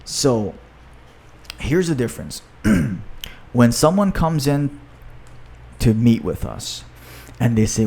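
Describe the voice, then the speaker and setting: A man's voice: mid-range voice, sing-song, takes it slowly, gravelly, darkish tone, breathy edge. A man hosting a podcast in a casual, enthusiastic talk, often adding "you know" and "right?". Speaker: podcast host and author.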